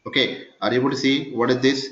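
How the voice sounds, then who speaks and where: A man's voice: mid-range voice, flat delivery, fast talker, fairly bright tone. Man teaching code, quizzing the class. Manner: keeps quizzing the class, asking 'yes or no?'. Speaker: programming instructor. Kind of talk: live coding lecture. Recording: echoey, dull recording of a class session.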